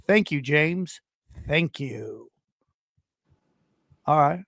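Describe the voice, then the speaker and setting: Teasing man, slightly high voice. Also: a little slow, fairly bright tone, smooth, no echo, clean studio sound. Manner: teasing, jokey. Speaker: podcast host. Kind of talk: casual podcast chat.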